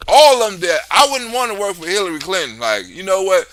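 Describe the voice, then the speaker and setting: A man's voice: sits high, sing-song, brisk, a bit bright, no echo. A man hosting a livestream, talking in a loose, profane political rant, laughing often. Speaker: livestream host.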